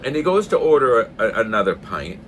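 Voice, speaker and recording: A man's voice: mid-range voice, big pitch swings, a little fast, a bit bright, slight background noise. An older man hosting his own channel, telling jokes in a casual, jovial way, laughing often and throwing in mock-posh asides. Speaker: channel host. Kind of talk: casual joke-telling chat. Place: pub.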